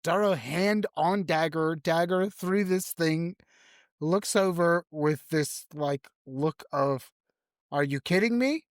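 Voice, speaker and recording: Low-voiced woman, wry tabletop player. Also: takes it slowly, no room sound, studio quality. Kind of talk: playing a character in a tabletop game.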